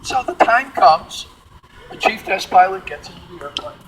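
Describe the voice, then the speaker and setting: A man from the Midwest, guiding a museum tour and telling stories in an animated way. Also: high-pitched, normal speed, noisy background. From Midwestern United States. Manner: animated, acts out quotes in character voices. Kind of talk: storytelling tour talk. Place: large museum hangar, indoors.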